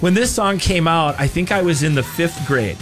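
A man's voice: a little high, animated, normal speed, fairly bright tone, faint music behind. A middle-aged man hosting a radio show, telling stories in a chatty, casual way and laughing often. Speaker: radio host. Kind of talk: casual talk-radio chat.

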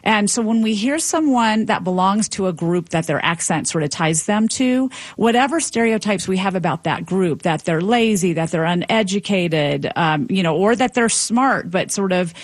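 Woman, professor guest, articulate, explanatory, mid pitch, dry studio sound. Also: moderate pace, few pauses, dry recording. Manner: articulate, explanatory, lively emphasis. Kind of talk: conversational expert explanation.

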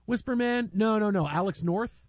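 A man's voice: sits high, moderate pace. A man hosting a radio talk show in casual joking banter, rambling with frequent restarts. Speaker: radio host.

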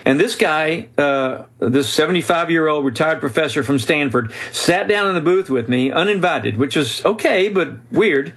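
A man's voice: fairly high pitch, animated, normal speed, few pauses, fairly bright tone. A man telling a story as a guest in an interview, speaking earnestly and with animation, often restarting his sentences. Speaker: author and guest.

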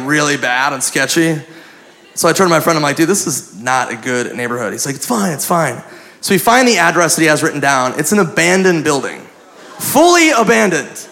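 A man's voice: fairly high pitch, creaky, fairly bright tone. A man doing crude stand-up storytelling on a club stage, laughing through his punchlines. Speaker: stand-up comedian. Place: comedy club stage with live audience. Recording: live club recording with crowd laughter and noise.

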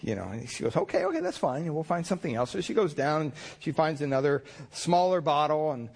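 A man's voice: fairly high pitch, animated, fairly quick, creaky, darkish tone. Chatty storytelling male pastor. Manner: conversational storytelling with frequent restarts and chuckles. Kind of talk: sermon.

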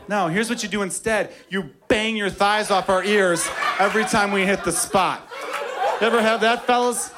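A man's voice: high-pitched, background noise. A young man doing a profane, punchy stand-up comedy set on a club stage. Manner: brash, profane, punchy delivery. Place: club stage before a laughing crowd. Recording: live club recording with crowd laughter.

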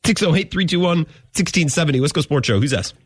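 A man's voice: a little high, animated, quick pace, slightly rough, dry recording. A man hosting a sports radio show, talking emphatically and repeating his points for effect. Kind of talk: opinionated sports talk radio.

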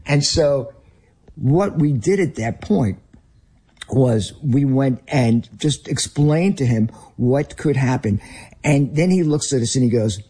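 A man's voice: mid-range voice, expressive, takes it slowly, warm tone, breathy edge. A man with a Northern US accent, a ministry leader and guest, telling an earnest story in conversation. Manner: earnest anecdotal, some restarts.

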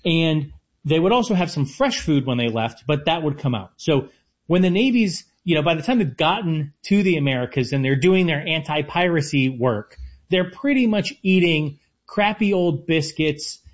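A man co-hosts a casual radio food show and explains things eagerly. His voice sits a little high and sounds husky. The audio is muffled and lo-fi. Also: expressive, moderate pace. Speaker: co-host, chef.

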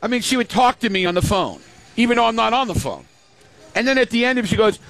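Speaking fast in an extremely high, gravelly voice with big pitch swings and a fairly bright tone, a grandfather tells family stories in a casual show chat. He acts out the voices he quotes as he goes.

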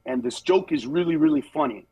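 A man, a comedian guest, telling stories in casual chat, animated and acting out other people in high voices, then turning earnest. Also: fairly quick, creaky, husky, dry recording, rough recording. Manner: turns earnest and reflective. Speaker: comedian guest on a talk show.

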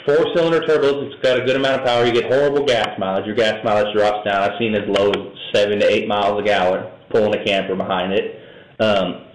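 A man's voice: fairly low pitch, level tone, fast talker. A man talking casually and knowledgeably as an interview guest, in a loose, rambling, matter-of-fact way. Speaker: truck and camper towing expert guest. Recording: echoey room, faint noise.

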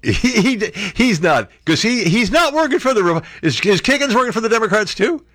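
A man's voice: sits high, very animated, fairly quick, a bit bright, no echo, studio quality. A man hosting a talk radio show, ranting sarcastically and mocking others with impressions.

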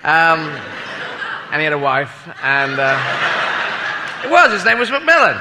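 A man's voice: on the high side, sing-song, measured pace. A British man doing a rambling, self-mocking stand-up routine with sweary asides. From United Kingdom. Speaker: stand-up comedian. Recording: reverberant hall with audience noise.

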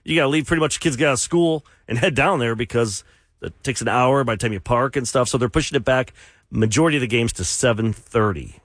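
A man's voice: mid-range voice, fast, a bit bright, no echo, studio quality. A man hosting a morning radio show, reading news items in a joking, conversational way. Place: radio studio.

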